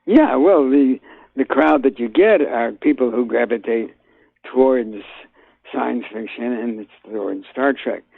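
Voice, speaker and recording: An older man, a guest actor, talking in a phone interview, halting with many fillers and restarts. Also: medium pitch, creaky, dry recording. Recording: tinny phone line.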